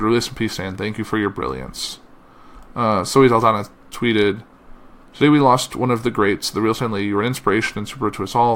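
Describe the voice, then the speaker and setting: Slow reading with "uh" fillers and small slips marks this male podcast host as he shares a tribute and quoted messages. His voice is lowish, creaky and a little bright.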